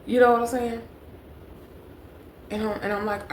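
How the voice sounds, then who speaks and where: Slightly high and level in tone, a young woman talks a little slowly with long pauses as she tells a storytime vlog to her viewers. She's chatty and repeats phrases for emphasis, and the echoey room has faint background noise.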